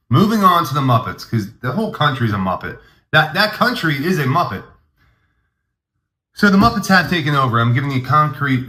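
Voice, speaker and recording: A man's voice: medium pitch, pushed and bright, echoey room. A man hosting a comedy podcast, rambling through a mock-grandiose, hyped monologue.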